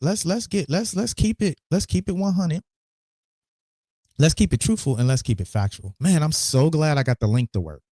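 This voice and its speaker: A man hosting a casual commentary livestream, animated and teasing, often repeating words as he talks. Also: mid-range voice, no echo, clean studio sound. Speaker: podcast host.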